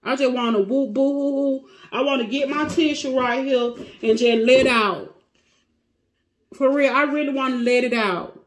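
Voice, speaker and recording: High-voiced tearful woman reading tarot. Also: moderate pace. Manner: emotional, dramatic, talks to cards and viewers. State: near tears. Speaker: tarot reader. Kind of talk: casual tarot reading to viewers.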